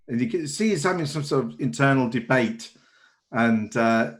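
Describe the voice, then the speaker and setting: A man's voice: mid-range voice, animated, moderate pace. A man running a tabletop horror game as game master, narrating in a hesitant way with many restarts. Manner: hesitant, lots of "kind of" and restarts.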